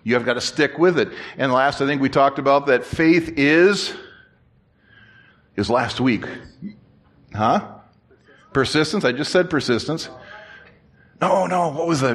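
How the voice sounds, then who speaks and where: A man preaching a sermon as pastor, telling a story in a lively, joking way and repeating phrases for emphasis. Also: a little high, moderate pace, long pauses. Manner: animated, jokey storyteller who repeats and restarts phrases.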